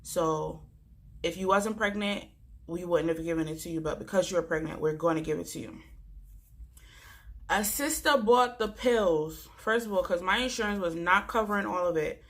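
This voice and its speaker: A woman's voice: mid-range voice, animated, normal speed, fairly bright tone. A young woman from Jamaica, chatting casually and animatedly to her vlog viewers. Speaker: vlogger.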